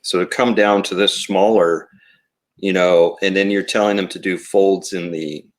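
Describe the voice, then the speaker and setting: Low-pitched male toy maker, reflective and rambling, casual interview guest. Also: fairly even intonation, moderate pace. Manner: rambling and reflective, with many fillers. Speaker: toy company co-founder. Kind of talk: casual podcast conversation.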